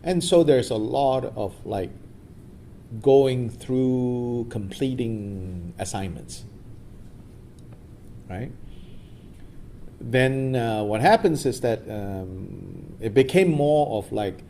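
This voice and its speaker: A man's voice: medium pitch, animated, extremely slow, vocal fry, long pauses, dark tone, slight background noise. A man giving a loose, storytelling dharma talk as a meditation teacher at a retreat. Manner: loose, storytelling, many fillers.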